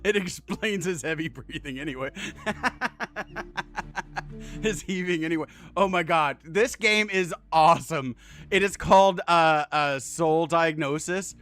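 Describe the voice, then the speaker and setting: A man streaming a game, chatting casually and excitedly, swearing often, laughing and thanking viewers warmly. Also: on the high side, a little slow, faint music behind. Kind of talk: casual live-stream chat.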